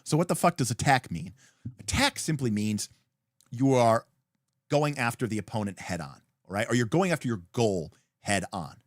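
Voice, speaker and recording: A man hosting a livestream, explaining tabletop game rules with emphatic, animated delivery and frequent fillers. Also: mid-range voice, moderate pace, no room sound, studio quality. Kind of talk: livestream talk.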